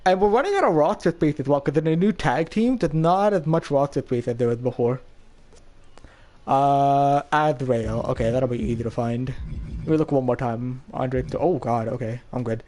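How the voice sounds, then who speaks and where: A young man chatting excitedly as he comments on his own gameplay, laughing often. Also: mid-range voice, moderate pace. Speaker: gaming YouTuber.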